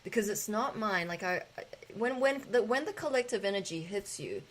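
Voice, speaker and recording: A woman's voice: mid-range voice, expressive, a little fast, low-quality recording. Rambling woman hosting a spiritual talk. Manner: loose, rambling, with fillers and swearing. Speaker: spiritual gathering host.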